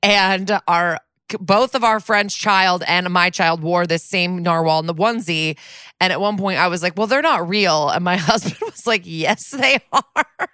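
A woman's voice: fairly low pitch, moderate pace, clean tone, dry recording. Woman telling a story, dry close sound. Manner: animated storytelling, acts out quotes. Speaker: podcast co-host. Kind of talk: casual chat.

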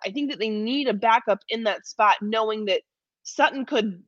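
A woman's voice: medium pitch, no echo. Lady sports reporter chatting on a podcast, lots of ums, jokes about herself, dull dry sound. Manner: chatty, self-deprecating, uses filler um. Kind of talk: casual sports podcast chat.

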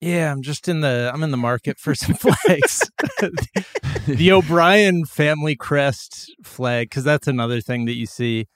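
A man's voice: fairly high pitch, measured pace, no echo, clean studio sound. A man hosting a comedy podcast, chatting casually and rambling through tangents, laughing often. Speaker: podcast host.

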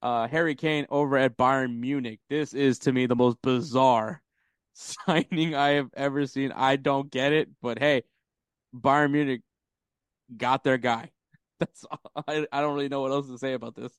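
A man's voice: mid-range voice, fairly even intonation, measured pace, clear, resonant tone, no echo. A man co-hosting a podcast, rambling casually about soccer, swearing freely and laughing often. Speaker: podcast co-host.

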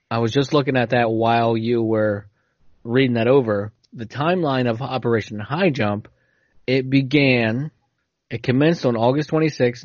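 Relaxed man in casual podcast chat. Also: mid-range voice, no echo, muffled recording. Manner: relaxed, conversational, explains at length. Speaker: podcast co-host.

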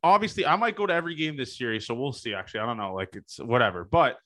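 A young man hosting a podcast, his voice bright and forceful. He speaks bluntly and swears freely, and he stretches out his phrases. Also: mid-range voice, expressive. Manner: blunt and profane, drawn-out phrasing. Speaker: podcast host. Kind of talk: casual podcast chat.

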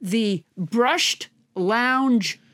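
A woman's voice: on the high side, drawn-out words, fairly bright tone. A woman from Massachusetts, chatting casually as a guest and telling amused stories. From Massachusetts, USA. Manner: anecdotal storyteller, amused, chatty. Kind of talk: casual chat.

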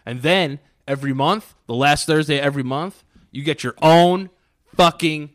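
A man's voice: fairly high pitch, moderate pace. A young man, co-hosting a casual podcast and trading crude jokes. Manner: joking, crude banter. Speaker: podcast co-host.

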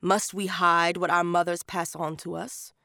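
A woman's voice: lowish voice, level tone, a little slow, vocal fry, no room sound, clean studio sound, heavily acted. A woman doing a knowing old market woman. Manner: gently scolding, knowing. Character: elderly market woman, secretly magical, knowing and gently scolding.

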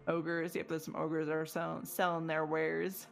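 A woman's voice: low voice, monotone, measured pace, vocal fry, faint music behind. Giggly woman co-hosting a podcast. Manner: laughs often, bubbly. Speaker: podcast co-host. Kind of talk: casual podcast chat.

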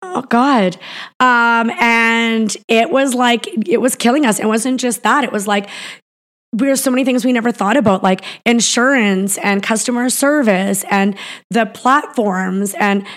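A woman's voice: fairly high pitch, a little slow, a bit bright. A woman from Canada talking as a business founder in a casual interview, rambling with lots of fillers and restarts.

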